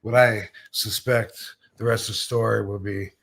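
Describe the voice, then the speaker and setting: A man's voice: lowish voice, steady tone, normal speed, gravelly, fairly bright tone, slightly rough. A man hosting a podcast in casual chat over a video call, talking loosely with lots of fillers. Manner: loose and rambling, many fillers. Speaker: podcast host.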